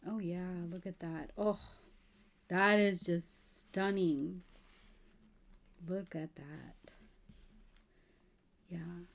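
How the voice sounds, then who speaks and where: A woman vlogging about a textile haul, gushing and admiring as she shows each piece in a relaxed, drawn-out way. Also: fairly low pitch, vocal fry. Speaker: crafting vlogger. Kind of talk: casual show-and-tell haul.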